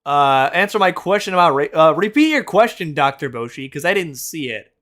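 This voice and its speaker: A man hosts a casual reaction chat with a bright, forceful voice that swings widely in pitch. He is blunt and mocking, swearing freely as he reacts. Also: lively intonation, brisk. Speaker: host.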